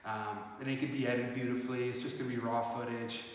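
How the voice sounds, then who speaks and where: A man's voice: mid-range voice, level tone, fast talker. A man in a casual fitness vlog, talking reflectively with many fillers, recorded on a phone set up some distance away. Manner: rambling, reflective, lots of fillers. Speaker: fitness vlogger. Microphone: phone camera set up at a distance. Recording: echoey, roomy, from far off phone.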